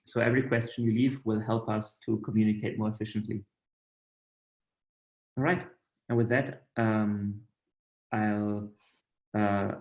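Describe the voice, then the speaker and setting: A man's voice: lowish voice, darkish tone. A man leading a project, speaking earnestly on a webinar with many fillers. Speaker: project lead. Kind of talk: webinar presentation. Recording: dull, echoey call audio.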